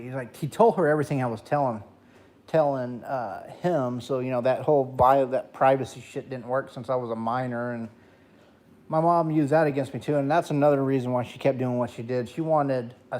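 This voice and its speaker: A man, a gaming streamer, telling a long personal story in casual late-night talk, rambling and profane, with a dry throat. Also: a little mellow. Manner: profane, rambling, jumps to high voice when quoting.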